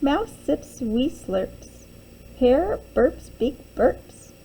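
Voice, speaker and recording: A woman's voice: sits high, sing-song, drawn-out words, dark tone, a little hiss or hum, rough recording. A young adult woman teacher reading a children's picture book aloud, with sing-song storytelling and little character voices.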